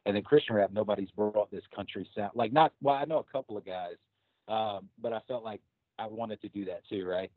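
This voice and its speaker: A man chats about his music in a loose, rambling way, full of fillers and retold conversations. His voice sits on the low side. The recording is dry and a little muffled. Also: a little fast, dry recording. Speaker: guest musician. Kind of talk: casual interview talk.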